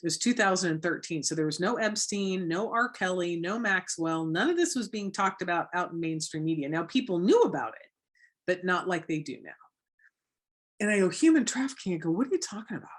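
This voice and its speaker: A woman from Florida, a guest on an interview show, tells a story with animated energy. Her voice sits on the low side, and she bounces into the voices of the people she quotes as she goes. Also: moderate pace. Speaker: guest, anti-trafficking educator. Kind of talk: casual interview talk.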